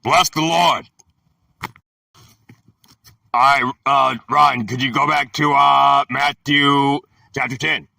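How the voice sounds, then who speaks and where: A man teaching a Bible word-study lesson, talking haltingly with many filler pauses. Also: mid-range voice, level tone, creaky, sharp tone, dry recording, clean studio sound, distant mic.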